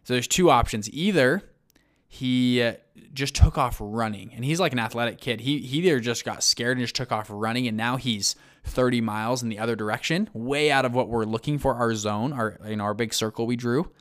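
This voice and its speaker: Guy telling a story, super animated, lots of "like" and "you know", mid voice. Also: mid-range voice, a little fast. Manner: animated, many fillers and restarts, acts out quotes. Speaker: guest recounting a search-and-rescue story. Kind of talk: casual spoken storytelling.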